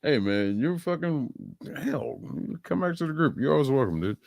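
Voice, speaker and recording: Man host, profane heated ranter, lively pitch, dry close sound. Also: normal speed, gravelly, no echo. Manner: heated, swears a lot, swings from loud outbursts to mumbling. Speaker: stream host. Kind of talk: profane ranting show recap.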